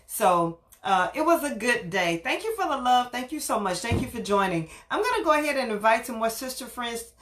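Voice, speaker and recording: A woman's voice: a little high, big pitch swings, fairly quick, few pauses, a bit bright. Upbeat woman hosting a late-night livestream. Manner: upbeat, repetitive welcoming greetings. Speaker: livestream host. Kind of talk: casual live-stream chat.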